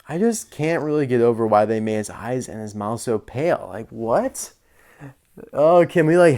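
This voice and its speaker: A young man reviews die-cast toys in a casual vlog, chatty and openly annoyed at poor quality. His voice is medium-pitched and a little mellow.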